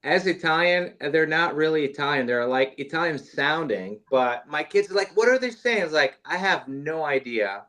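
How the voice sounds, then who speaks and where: Man speaking a little higher, relaxed. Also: moderate pace, hardly any pauses. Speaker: podcast guest. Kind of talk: casual chat.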